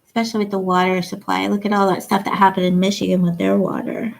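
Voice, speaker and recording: A woman from Ohio hosts a casual livestream chat, reading viewer comments aloud and giggling often. She talks fast with a flat delivery, a medium-pitched voice, and vocal fry, on a rough recording.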